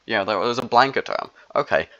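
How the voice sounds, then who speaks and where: A man's voice: mid-range voice, expressive, brisk, sharp tone. A young man in a casual, rambling monologue, full of fillers and slang. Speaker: solo video creator. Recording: dull lo-fi recording.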